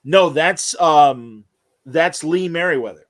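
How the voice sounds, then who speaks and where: A man's voice: fairly high pitch, slow pace. Rambling storytelling male podcast host. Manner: rambling anecdotal storyteller, many fillers. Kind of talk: casual interview chat.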